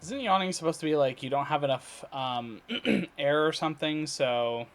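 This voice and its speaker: A man talking casually in a daily video diary, rambling and halting with many fillers, restarts and throat clearing. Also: on the high side. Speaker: vlogger. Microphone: computer recording setup.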